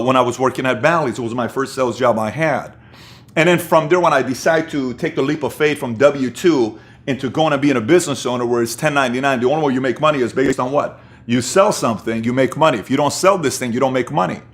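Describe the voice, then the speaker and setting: A middle-aged man telling a personal story as a motivational speaker, moving between hushed moments and punchy bursts. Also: medium pitch.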